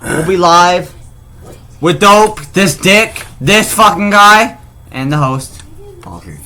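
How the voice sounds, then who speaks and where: A man hosting a rowdy, casual podcast, loud and profane, often shouting and laughing. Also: high-pitched, slow. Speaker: podcast host. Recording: music playing behind.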